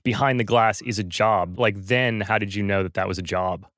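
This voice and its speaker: Guy hosting an interview, low voice, dry sound, curious. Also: moderate pace, a bit bright, no echo. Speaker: podcast host. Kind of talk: casual interview.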